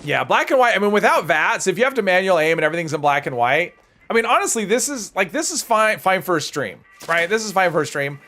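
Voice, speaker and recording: Fast-talking and animated, a male gaming streamer pushes his bright, slightly higher-than-average voice as he plays. He chatters casually, responds to viewers' comments and pokes fun at himself.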